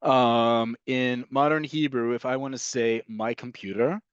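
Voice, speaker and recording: A man teaching an online language lesson, explaining slowly and repeating each example. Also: medium pitch, fairly even intonation, smooth, no room sound, lo-fi sound. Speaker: Hebrew teacher.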